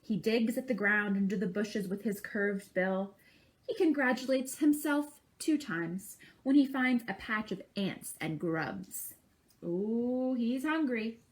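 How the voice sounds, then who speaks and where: At a library program, a woman reads a picture book aloud to children, pausing to chat and mimic bird calls with them. Her voice is a little high and slow.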